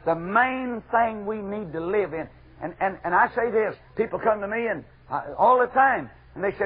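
A middle-aged preacher with a deeply husky voice that rides high and swoops widely. He preaches a fervent revival sermon, climbing to loud exhortation and then dropping to hushed asides. The recording is dull and lo-fi, like an old archival tape. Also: animated, normal speed.

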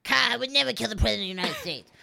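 A rowdy young man protesting his innocence, as a woman puts him on, his voice gravelly and high. It swings up and down and sounds tense and bright. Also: racing, heavily acted. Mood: defensive.

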